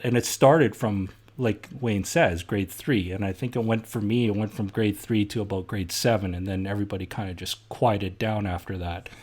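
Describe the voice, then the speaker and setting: Guy hosting a podcast, kinda low voice, blunt and fired up, swears a lot. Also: darkish tone. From Canada. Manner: blunt, heated, swears freely. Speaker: podcast host. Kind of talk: casual storytelling chat.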